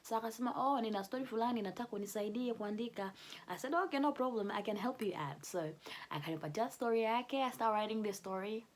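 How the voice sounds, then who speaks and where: A young woman telling a personal story to camera in a casual, animated way, often laughing. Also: a little high, fast talker. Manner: animated, laughing, switches between English and Swahili. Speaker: vlogger telling her love story.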